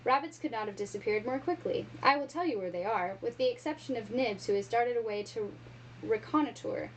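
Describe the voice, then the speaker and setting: A woman reading a children's storybook aloud with expressive, animated storytelling. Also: a little high, fairly quick, slight background noise, poor audio. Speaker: reader.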